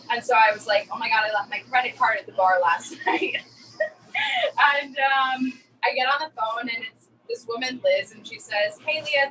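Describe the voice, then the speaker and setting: A woman chef from New Jersey in her thirties, telling a story in a chatty, animated way during a virtual cooking class. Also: on the high side, distant mic, slight background noise, rough recording.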